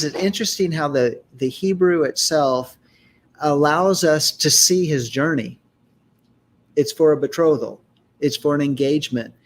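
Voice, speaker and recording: A man leading a group Torah study discussion, explaining scripture and sounding out Hebrew words in a measured, teaching manner. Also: a little high.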